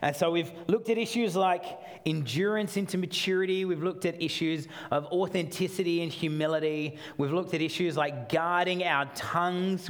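A man's voice: on the high side, fairly bright tone. A middle-aged man preaching a sermon, chatty at first, then building to emphatic, repeated calls. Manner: conversational, builds to emphatic repetition. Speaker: pastor.

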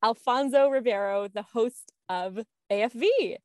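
A woman's voice: on the high side, a little slow, a little mellow, dry recording, studio quality. A woman co-hosting a casual chat show, reading news items with bubbly, giggly enthusiasm. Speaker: podcast co-host.

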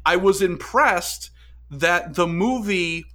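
A man's voice: high voice, slow, sharp tone. A man co-hosting a casual film review chat, talking with chatty enthusiasm. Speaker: podcast co-host.

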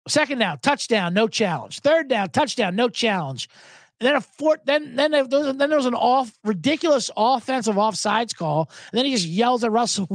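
Animated high-voiced man hosting a podcast. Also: no room sound, studio quality. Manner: animated, profane, jumps between topics with loud mocking impressions. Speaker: podcast host. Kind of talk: casual sports betting podcast monologue.

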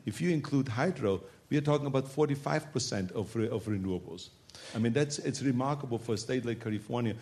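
A man's voice: mid-range voice, fast talker, darkish tone. A man speaking as governor in a panel discussion, emphatic and repetitive, with frequent fillers.

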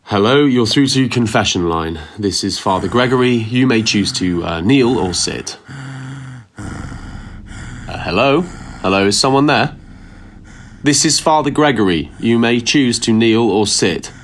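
An actor playing a flustered, stammering priest on a paid confession line. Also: male voice, fairly low pitch, animated, unhurried, a little hiss or hum. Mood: formal.

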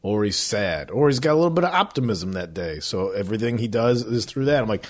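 Male podcast co-host, casual, rambling, swears a lot, lively swooping pitch, acts out quotes. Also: quick pace. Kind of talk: casual chat.

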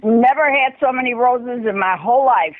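A woman's voice: a little high, moderate pace. A woman in her eighties with a Chicago accent, leaving an effusive, swear-filled voicemail. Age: 80s. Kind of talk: voicemail message. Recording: muffled phone voicemail.

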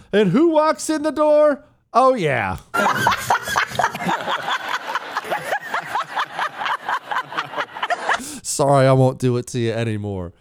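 A man's voice: fairly high pitch, smooth, no echo, clean studio sound. Sarcastic man hosting a political talk show. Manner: mocking, sarcastic, mimics voices.

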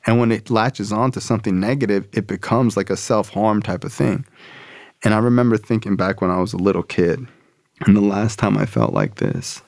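A man's voice: fairly low pitch, gravelly, darkish tone, no echo, clean studio sound. A young man casually telling a personal recovery story, swearing and using slang. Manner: casual and profane, street slang. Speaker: speaker sharing his recovery story.

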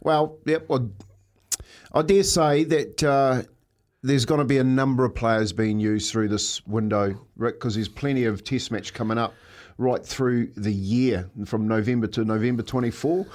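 A New Zealand man on breakfast radio, easygoing and rambling, tossing off teasing jokes at his co-host. His pitch sits in a middling range. He sounds relaxed and unhurried in the studio. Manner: laid-back, rambling, teasing. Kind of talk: casual radio banter.

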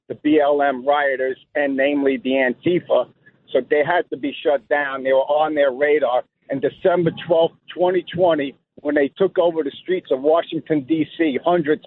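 A man's voice: fairly high pitch, no room sound. Insistent male caller on a tinny line. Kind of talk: phone call to radio show.

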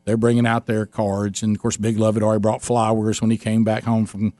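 A man's voice: on the low side, brisk, no echo. A man hosting a talk show, telling a long funny family story with lots of restarts and acted-out quotes. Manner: animated storyteller, many restarts, acts out his wife's lines. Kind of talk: casual storytelling chat.

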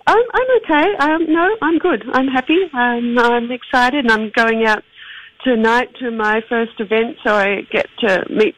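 An Australian woman guest in a casual interview, hesitant, with many ums and soft laughs. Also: a little high, a little slow, poor audio. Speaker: author guest.

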